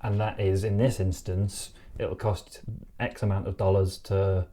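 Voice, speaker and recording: Very deep-voiced woman. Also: little pitch movement, a little slow, warm tone, a little hiss or hum. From north of England. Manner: agreeable, chimes in with short affirmations. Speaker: podcast co-host. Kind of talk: casual podcast chat.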